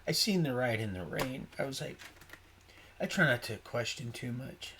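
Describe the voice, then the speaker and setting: A man's voice: medium pitch, lively intonation, normal speed, a little hiss or hum. Rambling folksy man on a livestream. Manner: folksy and meandering, mixes faith talk with swearing; swings from quiet asides to sudden loud outbursts. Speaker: livestream host. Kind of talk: rambling casual livestream talk.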